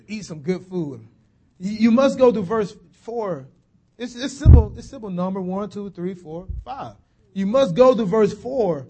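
High-voiced preacher. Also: male voice, mellow, husky. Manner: folksy, chatty preaching with asides to the congregation; slows and drops low on key phrases, rises on emphasis. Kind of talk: sermon.

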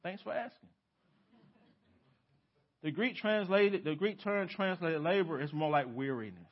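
A male pastor preaching a sermon in a church, emphatic, asking rhetorical questions and swinging from loud to hushed. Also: on the high side, moderate pace. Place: church sanctuary. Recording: dull lo-fi sermon recording.

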